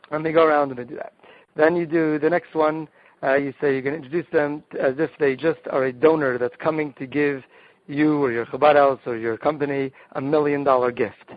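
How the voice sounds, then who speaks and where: A man, a rabbi, talks through icebreaker games with eager energy, his voice sitting a little high for a man. He restarts his sentences often as he explains. The sound is lo-fi and muffled, with no room echo at all. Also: fairly even intonation, a little fast. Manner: enthusiastic explainer, frequent restarts. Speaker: rabbi, guest. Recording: dull, dry lo-fi sound.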